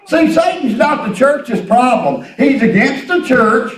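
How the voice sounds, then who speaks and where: A man's voice: extremely high pitch, big pitch swings, measured pace. A middle-aged man preaching a sermon as pastor, folksy and repetitive, telling everyday stories. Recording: echoey room, distant mic.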